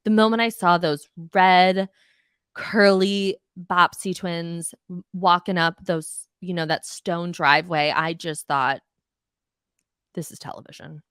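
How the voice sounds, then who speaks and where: A woman's voice: lowish voice, fairly even intonation, slow pace, a bit bright, smooth, no room sound, studio quality. A woman hosting a podcast, ranting bluntly and profanely in a casual recap of reality TV. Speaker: podcast host.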